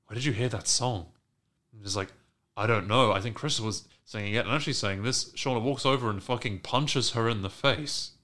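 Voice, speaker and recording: Man, podcast host, low pitch, bright tense tone, casual profane recap, acts out lines. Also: brisk.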